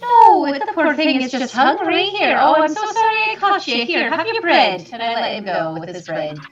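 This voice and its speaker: Chatty kind woman player; high, animated; roomy, distant, dull recording. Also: moderate pace, soft background music. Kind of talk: tabletop game role-play.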